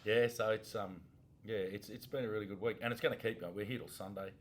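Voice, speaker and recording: A man in his forties with an Australian accent, co-hosting a casual podcast as a former police officer, laid-back and quick to laugh. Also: lowish voice, steady tone. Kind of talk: casual chat.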